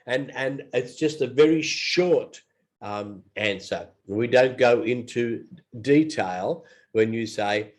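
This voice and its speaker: A man teaching English phrases in a casual lesson, repeating each one aloud and not feeling well. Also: medium pitch. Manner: slow and repetitive, models phrases aloud. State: unwell.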